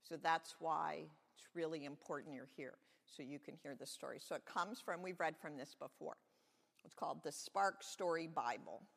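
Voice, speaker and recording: Animated children's sermon storyteller, gravelly. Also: medium pitch. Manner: animated, conversational, asks the children questions. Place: church sanctuary. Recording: echoey church sanctuary.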